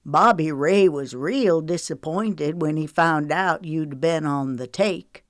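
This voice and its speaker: A woman voicing a menacing older sheriff who speaks softly and maliciously, in an audiobook reading. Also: deep voice, slow pace, no room sound, studio quality. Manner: snarling, malicious.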